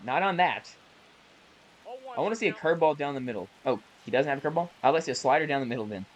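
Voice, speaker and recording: A man casually calling the plays of a baseball video game he is playing, chatty and self-correcting, with bursts of excitement on big plays. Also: fairly high pitch, quick pace, dull audio. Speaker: gaming YouTuber. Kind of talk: casual play-by-play while gaming.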